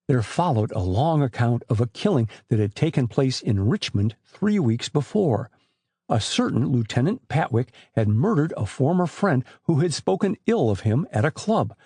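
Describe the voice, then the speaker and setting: A man's voice: mid-range voice, slightly rough, dry recording, clean studio sound. A man narrating an adventure novel as an audiobook, telling it expressively. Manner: expressive storytelling.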